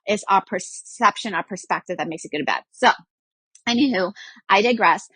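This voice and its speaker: A woman mindset coach talking casually in a voice memo, rambling quickly with many fillers and restarts. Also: mid-range voice, a bit bright, husky, dry recording.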